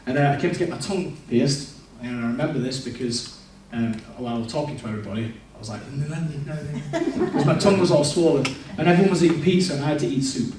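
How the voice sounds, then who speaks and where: A man's voice: mid-range voice, racing, hardly any pauses, background noise. A man giving a candid personal testimony in a church service, telling his story and acting out what he said back then. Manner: candid, storytelling, quotes his past self. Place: large echoey church hall. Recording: echoey church hall, distant mic.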